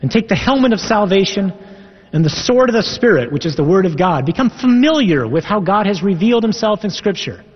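A man's voice: high-pitched, big pitch swings, a little fast, slightly rough. A man preaching as a Catholic priest, earnest and emphatic, reading scripture aloud and explaining it. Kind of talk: sermon. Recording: echoey hall, dull lo-fi sound.

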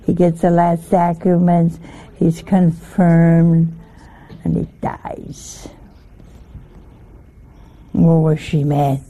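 A woman's voice: lowish voice, flat delivery, drawn-out words, pauses often, warm tone, a little hiss or hum. A woman giving an informal scripture teaching in a folksy, humorous way, full of rhetorical questions to her listeners. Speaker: religious teacher.

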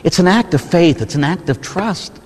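A man's voice: on the high side, expressive, moderate pace, darkish tone, breathy edge, in a large hall. A man, a Catholic priest, giving a conversational sermon. He keeps asking his listeners short rhetorical questions and acts out prayers and complaints in changed voices. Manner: asks the listeners short rhetorical questions, often ending with "huh?".

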